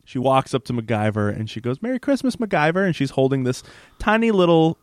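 A man's voice: mid-range voice, big pitch swings, a little fast, clear, resonant tone, dry recording. Male podcast co-host, chatty and laughing, casual recap, dry close sound. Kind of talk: casual chat recapping a TV episode.

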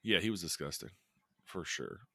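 A man's voice: low-pitched, very animated, normal speed, creaky, sharp tone, husky, no room sound, clean studio sound. A man co-hosting a podcast, chatting casually in a laid-back, slangy way. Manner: laid-back, slangy, says "dude" and "like" a lot. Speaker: podcast co-host. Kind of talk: casual chat.

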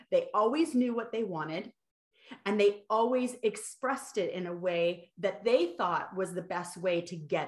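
A middle-aged woman speaking as a guest in an interview, animated and lively as she tells stories. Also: mid-range voice. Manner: animated, acts out quotes. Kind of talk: podcast interview conversation. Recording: roomy echo.

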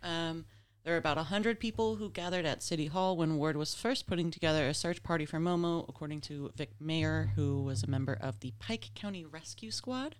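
Low-pitched woman host, casual and halting as she reads from her notes. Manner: hesitant, many fillers while reading notes. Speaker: podcast co-host presenting a topic. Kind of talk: casual group chat.

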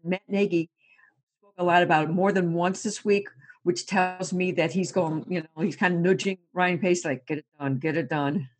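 A woman sports reporter chatting casually and telling animated stories, laughing often and repeating words as she goes. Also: lowish voice, normal speed.

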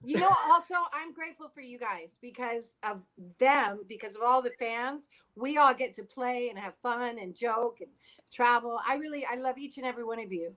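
A woman's voice: fairly high pitch, moderate pace, bright, forceful tone. A woman on a video call panel, talking in an effusive, grateful, casual way. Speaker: panel guest.

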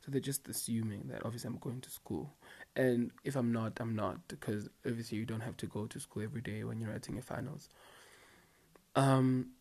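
A young man talks straight to his viewers in a loose, slangy storytime. He rambles through asides and fillers, and his voice sits at an ordinary middle pitch. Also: fairly even intonation, normal speed, creaky, a little mellow. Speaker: vlogger. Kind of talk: casual storytime monologue.

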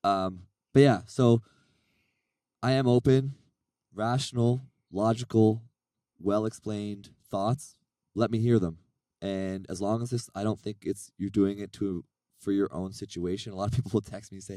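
Raspy low-voiced man, casual podcast host. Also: fairly even intonation, normal speed, dark tone, no room sound. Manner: rambling, self-deprecating, earnest. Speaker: podcast co-host and league organizer.

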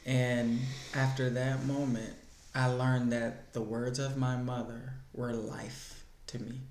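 A man's voice: medium pitch, flat delivery, slow, darkish tone, reverberant, a little hiss or hum. A man earnestly telling his personal faith story as a guest in a conversation.

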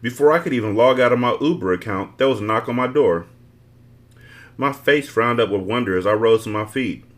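A man's voice: medium pitch, fairly quick. A man hosting a book podcast, reading a novel aloud with blunt, profane asides. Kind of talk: casual book reading with commentary.

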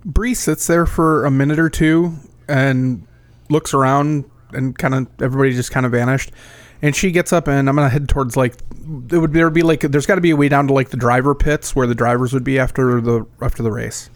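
A man's voice: mid-range voice, steady tone, fairly quick, dry recording. A man at a tabletop game in a mid-range voice, casual and thinking aloud as he plans. The recording is dry and close. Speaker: player.

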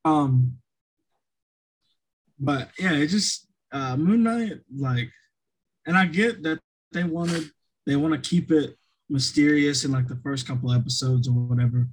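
A man's voice: a little high, a little slow, pauses often, slightly rough, rough recording. A man in casual chat, blunt and teasing.

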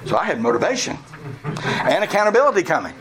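Animated pastor telling a story. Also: male voice, high voice, fast, crowd noise. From Georgia, USA. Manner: animated, candid storytelling, chuckling at himself. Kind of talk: storytelling sermon.

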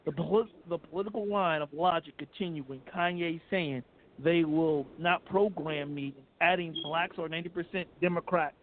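A man with a somewhat high voice, heard over a narrow, phone-like line. He hosts an entertainment radio show, reading celebrity news bluntly and stumbling over his words now and then. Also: normal speed, slight background noise. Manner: blunt, reads news items with frequent restarts. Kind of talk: casual entertainment news chat.

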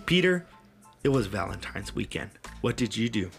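A man's voice: lowish voice, very animated, moderate pace, gravelly, faint music behind. A man hosting a casual podcast with friends, loose and joking, swearing freely. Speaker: podcast host.

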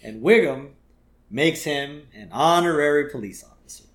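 A man's voice: on the high side, lively intonation. Laughing man on a roomy podcast mic. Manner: laughs often, quotes lines in a quick voice. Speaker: podcast co-host. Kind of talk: casual chat recapping a cartoon episode. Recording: roomy echo.

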